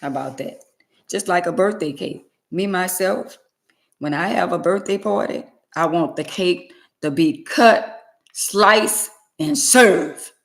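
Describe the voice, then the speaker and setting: A woman's voice: on the low side, slow pace, gravelly. A woman talking straight to her viewers in a casual monologue, plain-spoken and emphatic, repeating her points. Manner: plain-spoken, uses y'all. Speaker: vlogger.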